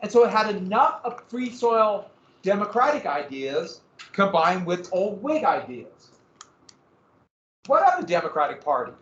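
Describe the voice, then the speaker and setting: A man lecturing a history class, his voice a bit higher than most. He talks casually, asks questions back at the class and often restarts his sentences. The recording sounds roomy and a little dull. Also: sing-song, a little slow, fairly bright tone. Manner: conversational, rhetorical questions, frequent self-corrections. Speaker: history teacher.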